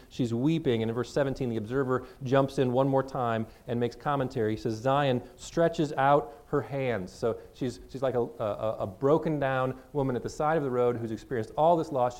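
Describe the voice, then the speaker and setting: A man preaching a sermon, reading scripture verses slowly and then explaining them in plain, conversational words. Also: mid-range voice, a little mellow. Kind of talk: expository sermon.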